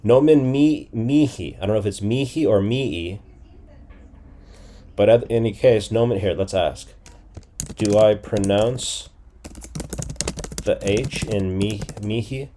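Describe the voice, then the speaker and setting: A man's voice: fairly low pitch, takes it slowly, pauses often, warm tone, a little hiss or hum. A man in his forties teaching a casual lesson, thinking aloud and repeating phrases as he guesses them. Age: 40s. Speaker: language teacher. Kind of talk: casual screen-recorded lesson.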